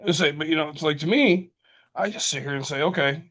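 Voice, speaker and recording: Man, Michigan accent, podcast co-host, casual rant, swears a lot, higher voice. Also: quick pace. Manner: rants with swearing, quoting others in animated bursts. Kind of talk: casual chat.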